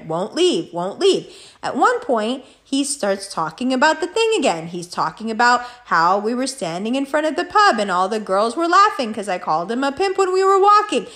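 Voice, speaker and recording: A young woman telling a story to her viewers in a casual, profane monologue, acting out both sides of an argument. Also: a little high. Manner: profane, animated, acts out both sides of a quarrel.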